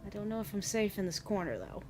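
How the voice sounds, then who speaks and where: A woman's voice: mid-range voice, big pitch swings, fast, noisy background. A woman streaming a game, jittery and nervous, often laughing through her fright. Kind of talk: gaming stream chat.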